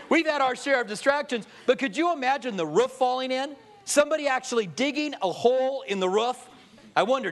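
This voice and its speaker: A male pastor preaching a sermon, telling humorous stories and acting out quotes. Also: very high voice. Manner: storytelling with jokes, lively acted-out quotes.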